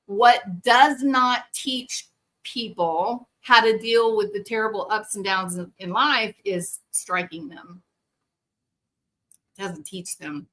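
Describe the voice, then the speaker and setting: A woman speaks in an earnest, animated podcast monologue. Her tone is bright and forward. She is a therapist, and she slips into quoted voices as she tells a story. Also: medium pitch. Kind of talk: conversational monologue.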